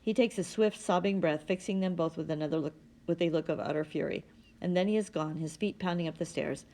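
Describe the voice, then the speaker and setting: A woman reading a novel aloud in a steady, plain manner. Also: lowish voice, fairly quick. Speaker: audiobook reader.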